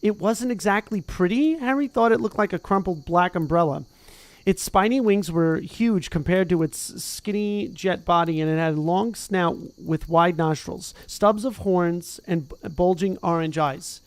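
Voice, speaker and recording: A streamer reading a novel aloud in a relaxed, casual way, stumbling over words now and then and breaking off to chat. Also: medium pitch, normal speed, no room sound. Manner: chatty, easily sidetracked, stumbles over words.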